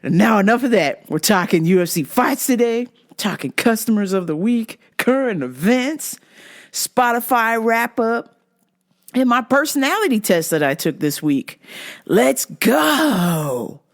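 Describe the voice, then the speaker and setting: A woman from the United States hosting a casual podcast, animated, laughing often and swearing freely. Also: fairly high pitch, moderate pace. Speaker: podcast host.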